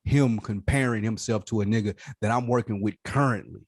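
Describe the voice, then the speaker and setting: A man's voice: lowish voice, brisk, dry recording, clean studio sound. A man co-hosting a casual hip-hop podcast, talking animatedly with profanity and acting out mock quotes. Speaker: podcast co-host.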